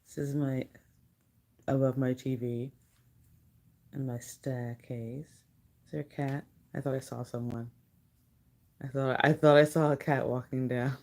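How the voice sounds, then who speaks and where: Livestreaming from indoors at home, a woman chats casually in a rambling, giggly way, slipping into doting baby talk with her cat. Her voice is bass-low and dark in tone, with vocal fry.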